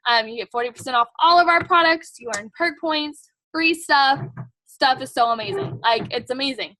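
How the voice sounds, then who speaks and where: A woman's voice: high-pitched, moderate pace, sharp tone, a little hiss or hum. A young woman, giving a chatty, emphatic motivational talk to her sales team, full of "like" and "um" and blunt pep. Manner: chatty, emphatic, says "like" and "um" a lot; blunt and pushy. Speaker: team leader at a sales kick-off meeting.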